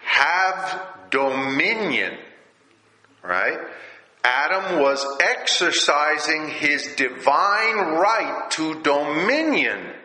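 A man delivers a sermon at an unhurried pace. His voice swings widely in pitch as he poses rhetorical questions. The sound is roomy, with noticeable echo. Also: bright, forceful tone. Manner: rhetorical, keeps asking "all right?". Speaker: preacher. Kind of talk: sermon teaching. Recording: echoey room.

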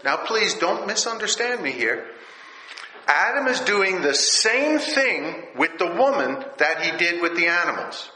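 A man's voice: high-pitched, very animated, measured pace, bright, forceful tone. A man preaching a sermon and teaching from scripture. He often checks in with his listeners with rhetorical questions. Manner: rhetorical, keeps asking "all right?". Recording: echoey room.

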